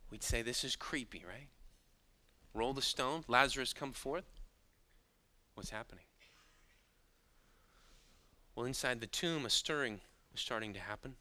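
A man preaching a sermon, moving between quiet, hushed asides and sudden loud bursts, and chuckling now and then at his own points. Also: mid-range voice, a little slow, long pauses. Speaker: pastor.

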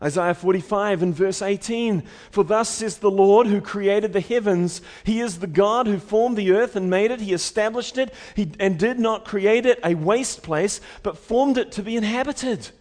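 A man preaching a sermon with emphasis, repeating key lines and swinging from loud declarations to hushed, soft phrases. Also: sits high, moderate pace, hardly any pauses.

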